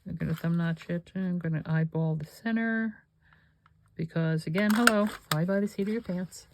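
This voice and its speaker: A woman's voice: on the low side, moderate pace, slight background noise. A woman hosting a crafting video, chatting and thinking aloud with rambling asides while she works. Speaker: crafting channel host.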